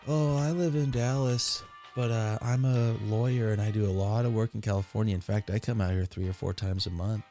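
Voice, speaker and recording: A man's voice: on the low side, steady tone, fairly quick, hardly any pauses, warm tone, faint music behind, lightly acted. A man voicing a chatty, flirtatious woman lawyer on a plane, rambling eagerly with lots of fillers. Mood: flirty.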